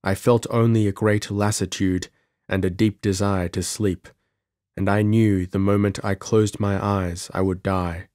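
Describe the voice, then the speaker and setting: A man narrating a pulp adventure audiobook in a measured, dramatic first-person delivery. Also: fairly low pitch, little pitch movement, darkish tone, clean tone, no room sound, clean studio sound. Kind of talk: scripted narration.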